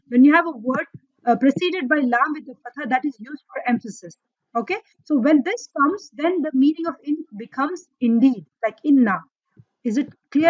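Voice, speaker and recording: A woman teaching an online Arabic grammar lesson. She explains patiently, checks in with "okay?" and "right?", and reads verses quickly. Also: high-pitched, no room sound, highs cut off.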